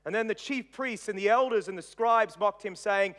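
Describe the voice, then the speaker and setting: A man preaching a sermon as pastor. He retells dramatically, swinging between loud emphasis and hushed softness. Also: sits high, expressive, a little slow.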